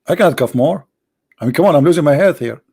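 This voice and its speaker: A man's voice: a little high, animated, fast talker, vocal fry, darkish tone, husky. A man hosting a live-streamed debate who talks in a mocking, sarcastic and theatrical way. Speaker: debate host.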